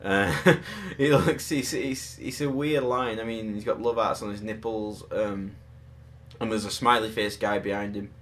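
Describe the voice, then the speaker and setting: A man's voice: on the low side, fairly even intonation, measured pace, a bit bright. A man hosting a casual chat about collectible statues, rambling and joking at his own expense. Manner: rambling, self-deprecating, jokey. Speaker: podcast host.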